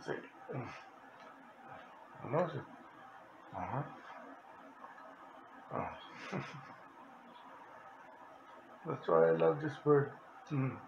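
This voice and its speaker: A man's voice: on the high side, expressive, takes it slowly, gravelly, long pauses, dull audio, noisy background. A man at home filming his pet bird on a handheld phone, coaxing and cooing at it and laughing often. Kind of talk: casual home video chat.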